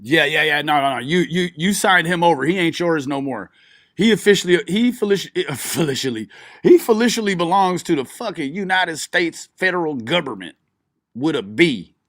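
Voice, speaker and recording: A streamer reacts to a live video, giving profane, mocking commentary and frequently breaking into laughter. His voice is fairly high and fairly bright, with lively intonation and a normal pace. The recording is dry, clean studio sound.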